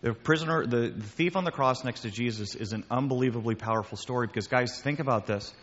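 A male pastor delivers a relaxed, conversational sermon, repeating his key phrases and calling the group guys. His voice sits at a middle pitch. The recording is muffled and carries a long hall reverb. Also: quick pace. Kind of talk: sermon with audience questions.

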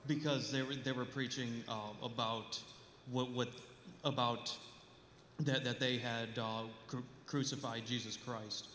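A man answers the teacher haltingly, restarting his sentences again and again. His delivery is flat, and the room around him is echoey with a long reverb. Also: mid-range voice. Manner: hesitant, restarts often. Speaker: class member.

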